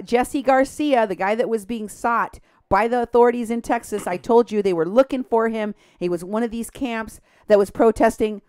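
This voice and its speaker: A woman with a mid-range, clean voice offers heated radio commentary, mockingly reading posts aloud and climbing from agitation toward near-shouting outrage. It's a studio-quality recording with no room sound.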